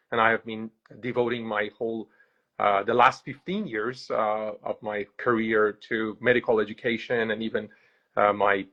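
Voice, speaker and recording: A man's voice: medium pitch, fairly bright tone, dull audio. A man with an American accent hosting a casual interview, hesitant and full of filler sounds, heard over a video call. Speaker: host.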